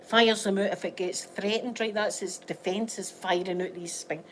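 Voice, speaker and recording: A woman's voice: medium pitch, steady tone, normal speed, fairly bright tone. Scottish lady rambling on in a casual vlog, feeling poorly, bit of faint hiss behind her. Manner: chatty, rambling, laughs often. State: unwell. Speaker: vlogger.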